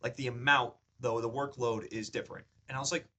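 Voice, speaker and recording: A man chats through his latest vlog with a bright, forward tone, his words tumbling out in loose restarts and ums. He speaks at an ordinary middle pitch, lifted a little from his usual deeper register, with a faint hum of room noise underneath. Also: steady tone, brisk. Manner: rambling, upbeat storytelling with many fillers and restarts; says his pitch rises above his normal low voice when he talks at length. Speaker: vlogger sharing his acting journey. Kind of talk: casual vlog chat.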